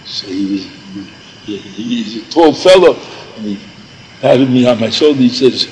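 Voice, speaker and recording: A man's voice: mid-range voice, lively intonation, unhurried, a little mellow, a little hiss or hum, rough recording. An older man telling a meandering personal story, repeating himself and dropping in Yiddish and Hebrew words. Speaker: storyteller recalling yeshiva days.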